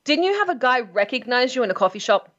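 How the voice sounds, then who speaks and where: An upbeat woman hosts a radio talk show and keeps it breezy. Her voice is a bit high. The recording is slightly dull and lo-fi. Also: very animated, fast talker, a bit bright. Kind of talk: casual radio interview.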